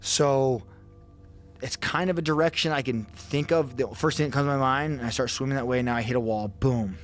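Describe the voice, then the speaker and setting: A man's voice: medium pitch, fairly quick, faint music behind. A man telling a story as a podcast guest, casually and vividly, acting out his own thoughts and swearing freely.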